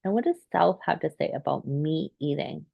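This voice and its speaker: Low gravelly woman talking gently. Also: expressive, moderate pace, no room sound, lo-fi sound. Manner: gentle, meandering, many fillers. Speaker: therapist. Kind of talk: reflective solo talk.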